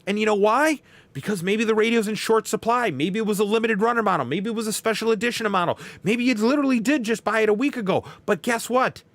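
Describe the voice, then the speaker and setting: Man, podcast host, high voice, folksy emphatic rant, dry sound. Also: a bit bright, no echo. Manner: folksy, emphatic, repeats catchphrases. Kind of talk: casual podcast talk.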